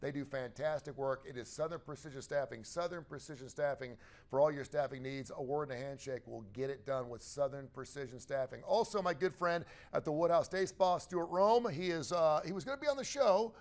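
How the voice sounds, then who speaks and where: Gravelly man doing casual sponsor plugs. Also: brisk. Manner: enthusiastic pitchman, friendly. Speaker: host reading sponsor plugs. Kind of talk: casual ad reads.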